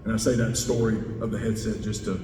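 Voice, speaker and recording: Speaking fast in a level, dark-toned voice, a man who is a head football coach addresses a club and answers audience questions. He's emphatic, hammering points by repeating key words. The recording comes from a distant mic in a large indoor meeting hall, roomy with a faint rumble.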